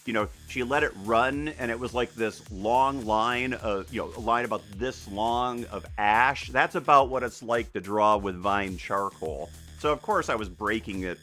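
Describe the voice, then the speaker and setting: A man's voice: lowish voice, normal speed, hardly any pauses, bright, forceful tone, faint music behind. A man chatting casually with viewers while he paints live, rambling and self-deprecating, with many restarts and laughs. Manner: talks to viewers as he works. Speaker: artist streaming a live painting session.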